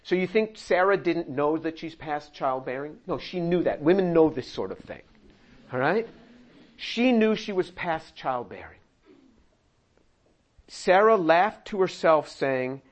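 A man preaching through a Bible passage, animated, laughing often and acting out the quoted lines in voices. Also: on the high side. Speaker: pastor. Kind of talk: expository sermon reading and commenting on scripture.

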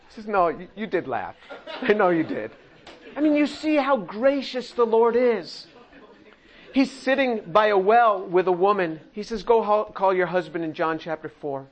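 A man preaching through a Bible passage, animated, laughing often and acting out the quoted lines in voices. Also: very high voice, moderate pace. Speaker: pastor. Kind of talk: expository sermon reading and commenting on scripture.

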